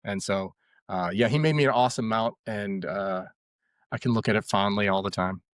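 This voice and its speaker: A young man, a podcast guest, telling a story in a loose, animated way with lots of fillers. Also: lowish voice, moderate pace, no echo, studio quality. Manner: rambling, animated retelling with many fillers. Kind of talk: casual storytelling.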